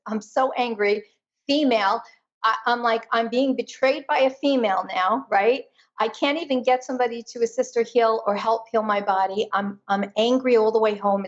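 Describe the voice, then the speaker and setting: Woman, higher-pitched voice, animated storytelling, dull muffled recording. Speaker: guest, energy intuitive. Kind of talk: personal storytelling in a conversation.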